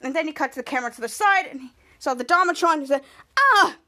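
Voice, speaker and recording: High-voiced woman recapping a show. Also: racing, pushed and bright. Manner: retelling scene by scene, stumbling restarts. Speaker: podcast host. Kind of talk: episode recap narration.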